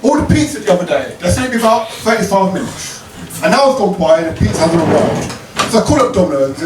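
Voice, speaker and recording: Cheeky high-voiced comic. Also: male voice, big pitch swings, fast. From Croydon, South London. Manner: cheeky, punchy, leads call-and-response. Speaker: stand-up comedian. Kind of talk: stand-up routine with crowd work. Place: comedy club stage with a live audience. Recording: roomy live club sound, distant mic, noisy.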